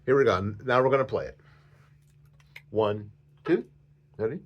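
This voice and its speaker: A man's voice: lowish voice, a little slow, highs cut off. A man teaching a flute lesson on video, patient and repetitive, counting the student in.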